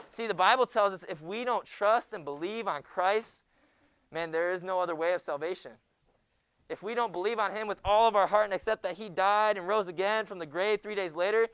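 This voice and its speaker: A young man teaching a junior high Bible class in a classroom, joking with the students and often hushing them. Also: clear, resonant tone, no room sound. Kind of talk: classroom lecture.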